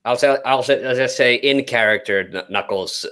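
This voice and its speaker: A man's voice: mid-range voice, normal speed, few pauses, pushed and bright, smooth. A man playing a tabletop game, joking out of character. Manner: joking, laughing. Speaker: player. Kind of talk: casual game chat.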